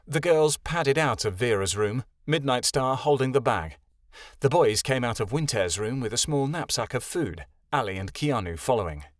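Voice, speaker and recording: A male narrator reads a fantasy audiobook with expressive storytelling. His middle-pitched voice moves in a lively way, and the recording is dry and close. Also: normal speed, no echo. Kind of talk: scripted narration.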